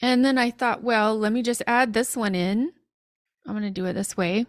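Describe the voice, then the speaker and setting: A woman teaching an online language lesson, sounding out phrases slowly and carefully with light laughs between tries. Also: on the high side, fairly even intonation, no echo, clean studio sound. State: frog in her throat.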